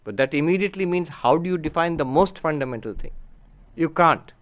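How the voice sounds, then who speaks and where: A man gives an unhurried spiritual lecture, reflecting aloud and pausing over terms. His voice is smooth and resonant, sitting slightly high for a man. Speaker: spiritual teacher. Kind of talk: lecture with audience questions.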